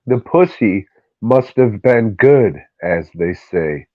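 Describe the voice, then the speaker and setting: In a dull lo-fi recording with no room sound, a male podcast co-host speaks slowly in a lowish voice with lively intonation. He chats casually, ranting bluntly and swearing freely.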